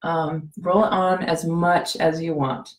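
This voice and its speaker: Lady with a scratchy cough voice, kinda low and gravelly, rambling through a how-to demo, echoey room. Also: flat delivery, slow. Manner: rambling, chatty, with many fillers and restarts. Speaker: essential oil demonstrator. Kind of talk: casual how-to demonstration.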